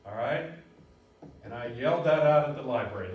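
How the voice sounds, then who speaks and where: A middle-aged man teaching a college algebra lecture, animated and telling stories, shouting out key words now and then. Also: mid-range voice, fairly quick. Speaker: college math instructor. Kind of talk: recorded math lecture. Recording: very echoey room, voice from far off.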